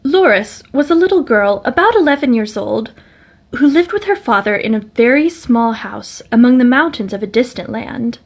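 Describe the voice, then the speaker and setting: A woman reading a vintage fairytale aloud as a homemade audiobook, in a gentle, measured storytelling manner. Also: on the high side, lively intonation.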